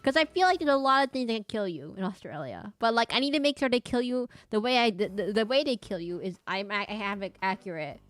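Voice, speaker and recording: A woman VTuber streamer in casual chat while she draws, rambling and breaking off her own sentences, sometimes dropping to a quiet mutter. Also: medium pitch, animated, quick pace, hardly any pauses. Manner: rambling and self-interrupting, often laughing.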